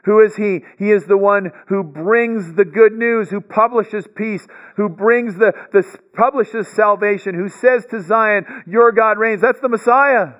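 A man with a high, somewhat bright voice lectures on the bible at a measured pace with few pauses; the recording is muffled. As a bible teacher, he explains step by step, with frequent "right?" check-ins and restarts.

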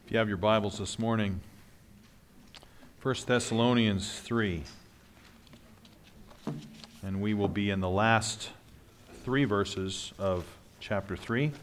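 A man's voice: on the low side, fairly even intonation, slow, long pauses, slight background noise. A man, a pastor, preaching a sermon in a conversational way with asides.

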